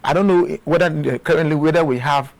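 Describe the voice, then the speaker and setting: A man's voice: on the high side, fairly even intonation, fairly quick, creaky. A man with a Ghanaian English accent, speaking as a guest in a studio interview, earnest and often repeating words as he restarts. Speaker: guest, former official.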